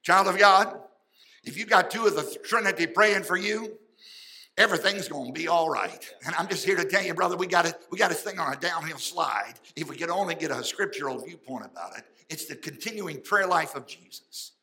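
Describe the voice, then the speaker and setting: Male pastor, folksy fervent sermon, bright tone. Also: fairly high pitch, brisk, rough recording. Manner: fervent, folksy preaching with sudden loud and soft swings.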